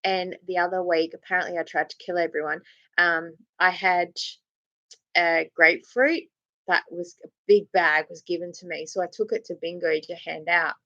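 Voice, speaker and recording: A woman's voice: on the low side, steady tone, normal speed, a bit bright, no room sound, dull audio. An Australian woman in her forties hosting a casual live chat, telling stories with frequent laughter. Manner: chatty storytelling, laughs often, acts out voices. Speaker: live-stream host.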